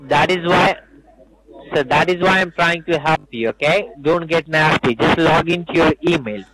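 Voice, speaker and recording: A man's voice: a little high, normal speed. Insistent man on a phone line. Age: 40s. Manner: insistent, repeats instructions, turns rude. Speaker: scam caller. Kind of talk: phone scam call.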